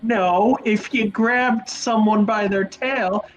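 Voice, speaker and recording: A slow-talking man playing a tabletop game, pausing often with ums and uhs. His voice sits a little high for a man, with faint music behind him. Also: steady tone, low-quality recording. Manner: hesitant, full of fillers. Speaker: player. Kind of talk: casual tabletop game play.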